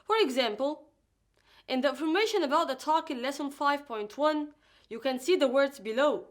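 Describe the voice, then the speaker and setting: Woman, high voice, careful slow drilling, recorded lesson. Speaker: English teacher.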